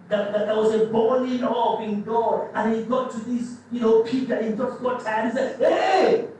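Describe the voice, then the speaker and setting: A man's voice: sits high, a little mellow, a little hiss or hum. A man preaching a sermon, emphatic and repetitive, stumbling into restarts as he drives his points home. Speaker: pastor. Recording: echoey hall, mic at a distance.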